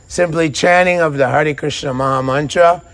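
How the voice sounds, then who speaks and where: A man preaching and telling devotional stories in an animated way. His speaking voice sits somewhat high for a man. He often repeats words and phrases as he goes. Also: normal speed. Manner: animated storyteller who often repeats himself. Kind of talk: devotional storytelling lecture.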